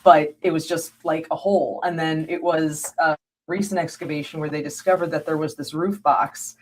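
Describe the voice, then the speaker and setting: A woman's voice: low-pitched, steady tone, moderate pace. An American woman, a guest scholar, talking animatedly in an interview, laughing often and acting out what people say to her. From United States. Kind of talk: conversational interview.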